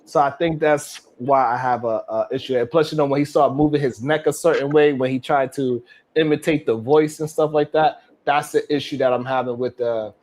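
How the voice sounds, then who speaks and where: A man's voice: mid-range voice, steady tone, fairly quick, a little mellow. A man from New York hosting a live stream talk show, chatting casually with loose banter and frequent cursing. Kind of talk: casual reaction chat.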